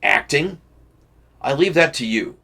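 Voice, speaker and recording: A cold young gentleman dismisses someone in a calm, cutting voice, as a man reads the part. The delivery is slow and gravelly, each word set down with disdain. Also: a little high, voice pushed up, exaggerated voice.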